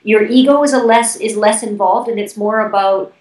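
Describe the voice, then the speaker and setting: A woman with a Canadian accent speaks at a middling pitch, laying out ideas at length as an interview guest. She falls back on "you know" and restarts now and then. Her voice sits a little away from the microphone in a roomy, echoing space. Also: fairly even intonation, normal speed, darkish tone, far from the mic. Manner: articulate, explanatory, frequent fillers and restarts. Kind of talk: conversational interview answers.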